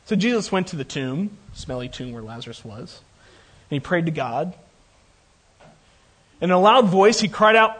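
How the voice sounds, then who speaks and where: Husky-voiced man preaching a sermon. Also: a little high, moderate pace. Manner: conversational, joking asides.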